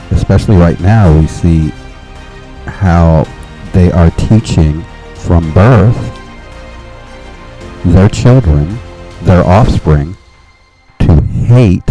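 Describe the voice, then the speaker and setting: A man's voice: low voice, mellow. A man hosting a podcast, talking in a rambling casual monologue with restarts and nervous little laughs. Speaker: podcast host.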